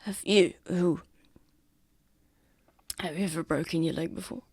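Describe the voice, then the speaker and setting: A woman's voice: on the low side, fairly even intonation, slow, breathy edge, dry recording, clean studio sound, exaggerated voice. Woman whispering as a hurt, proud young man. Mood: pained. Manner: hushed, pained and terse. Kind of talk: whispered role-play.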